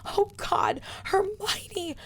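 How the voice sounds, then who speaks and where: A woman's voice: drawn-out words, fairly bright tone, heavily acted. A woman voicing a distraught young woman who is crying and gasping for breath, in an audiobook reading. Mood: sobbing. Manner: high, crying, broken-off words.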